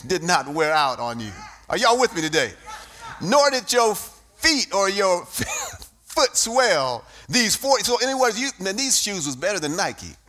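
A man preaching a sermon, moving from reading scripture into shouted, sing-song testimony. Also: sits high. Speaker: pastor.

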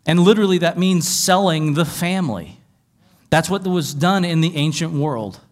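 A man's voice: a little high, normal speed. A man preaching a sermon as pastor, reading scripture aloud and explaining it conversationally with wry asides.

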